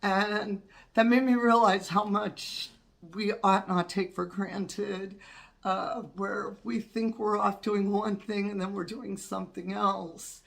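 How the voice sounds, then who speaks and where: A woman's voice: mid-range voice, little pitch movement, slow pace, gravelly. A woman in her fifties hosting a witchcraft channel, talking in a candid, rambling way while congested from a cold. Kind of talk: casual vlog talk.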